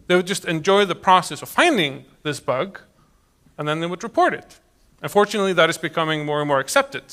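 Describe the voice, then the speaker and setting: Man, thirties, high bright voice, very animated delivery, storytelling talk. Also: fairly quick. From Iceland. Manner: animated, acts out quoted voices. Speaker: public speaker.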